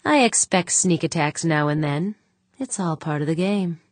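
A woman voicing a scheming male board member who speaks slowly and calmly, with quiet sarcasm. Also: low-pitched, no room sound. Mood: cold. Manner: slow, measured, quietly sarcastic. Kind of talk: audiobook character voice.

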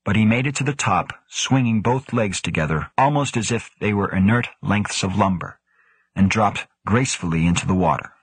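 A man with a husky voice reading a story in a steady, measured way. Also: fairly low pitch, no room sound. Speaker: audiobook narrator. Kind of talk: scripted narration.

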